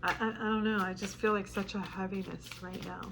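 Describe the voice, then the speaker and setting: A woman's voice: medium pitch, little pitch movement, brisk, creaky. Woman tarot reader, casual talk to camera, choked up and tearful, chatty, light swearing, faint noise behind.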